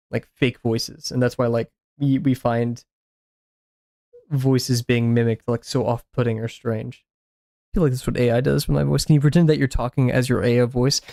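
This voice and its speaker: An art streamer, a man with a mid-range, dark-toned voice, muses casually as he draws on stream, rambling with plenty of fillers and restarts. The recording is studio quality with no room sound.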